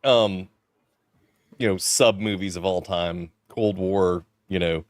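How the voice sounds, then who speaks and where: Lower-voiced man, hesitant chat. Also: fairly even intonation, takes it slowly, no echo. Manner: hesitant, many fillers like "you know" and "um". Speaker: podcast co-host. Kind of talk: casual chat about films.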